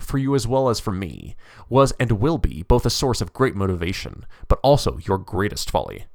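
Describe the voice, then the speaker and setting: A stern medieval poet's spirit preaches and scolds in a grand, sweeping voice, as a man acts him out. His pitch swings widely, with low, heavy endings. The recording is close and dry. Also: no room sound. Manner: stern, preaching, with mocking laughs. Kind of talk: dramatic reading of a story.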